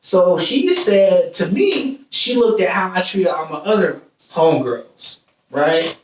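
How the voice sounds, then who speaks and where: A man's voice: high voice, slow. A young man hosting a podcast, telling a long personal story casually and acting out the voices of the people in it. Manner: animated storyteller, acts out quoted voices. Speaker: podcast host. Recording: echoey room, distant mic.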